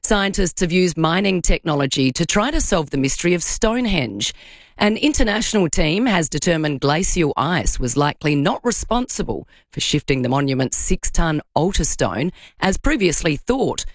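An Australian woman presents the radio news in a measured, formal delivery. Her voice sits low, and the studio sound is dry and close. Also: sing-song, no echo.

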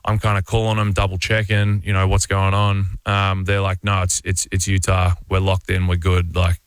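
A man's voice: low voice, completely flat delivery, normal speed, smooth, no echo. An Australian man in his thirties, a radio interview guest, telling a long casual anecdote with many fillers and restarts. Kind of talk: casual storytelling.

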